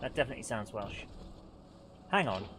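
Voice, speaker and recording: A woman's voice: extremely low pitch, expressive, brisk, noisy background. A woman hosting a live game stream, chatting in a rambling, self-deprecating way while she plays and greets viewers. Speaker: livestream gaming host. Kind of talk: live gameplay commentary with chat.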